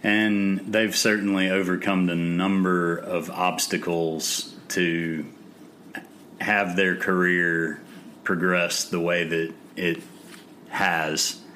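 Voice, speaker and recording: A man's voice: sits low, little pitch movement, takes it slowly, sharp tone, slight background noise. A man hosting a music podcast, reading album facts in a matter-of-fact way. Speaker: podcast host.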